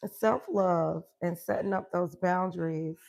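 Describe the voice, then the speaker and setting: A woman's voice: on the low side, steady tone, measured pace, vocal fry, darkish tone. A woman wellness coach chatting on a live stream at home, emphatic and affirming, often laughing as she talks. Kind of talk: live-stream motivational chat.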